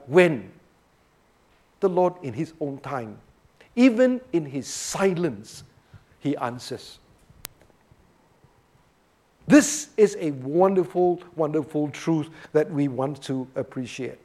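A man teaching through a psalm verse by verse, animated and often checking in with his listeners. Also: a little high. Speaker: Bible teacher. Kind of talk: expository sermon.

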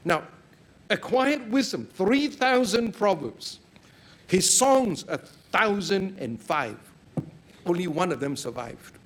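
A man preaching a sermon, telling stories in a lively way and breaking into sudden loud exclamations. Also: high-pitched, slow, slight background noise.

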